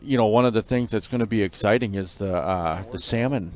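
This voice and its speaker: A man co-hosting a live fishing stream in relaxed, conversational commentary, often pausing on fillers. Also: fairly low pitch.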